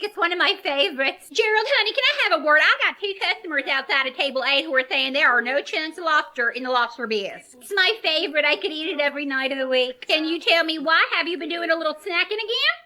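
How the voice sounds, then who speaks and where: A woman's voice: sits high, lively intonation, fast, few pauses, full character voice. A woman doing a sugary scheming waitress. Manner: syrupy sweet to customers, sharp and threatening to coworkers. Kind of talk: comedy sketch.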